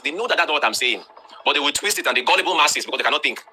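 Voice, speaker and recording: Blunt, fast-talking Nigerian man lecturing. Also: on the high side, lively intonation, a little hiss or hum. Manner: blunt, forceful lecturing with rhetorical questions. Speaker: online class host. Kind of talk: live-streamed talk to students.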